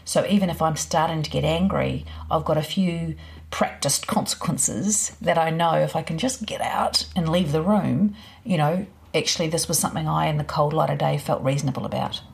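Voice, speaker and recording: A woman speaking as a parenting expert, explaining in a relaxed, practical, conversational way. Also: deep voice, moderate pace, creaky. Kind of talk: explanatory interview talk.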